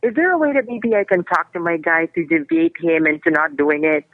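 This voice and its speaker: A man in his twenties calling into a talk show, speaking in a soft, feminine-sounding voice and hesitating with fillers and restarts. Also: on the high side, brisk, dry recording. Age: 20s. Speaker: caller. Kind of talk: casual phone call to a radio show. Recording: dull lo-fi phone line.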